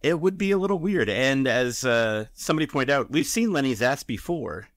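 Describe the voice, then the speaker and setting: A man's voice: medium pitch, lively intonation, moderate pace, dry recording. Hesitant, joking podcast co-host man. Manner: hesitant, with restarts and a dry, joking tone. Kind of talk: casual chat.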